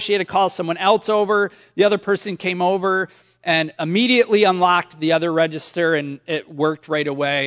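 High-voiced pastor preaching in a reverberant hall. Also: male voice, fairly bright tone. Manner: conversational storytelling with humor. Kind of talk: sermon.

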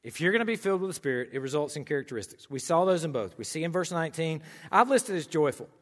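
A man's voice: a little high, lively intonation, fast, a bit bright, big-room sound. A man with an American country accent preaching a sermon in a church, emphatic with folksy humorous asides. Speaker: pastor.

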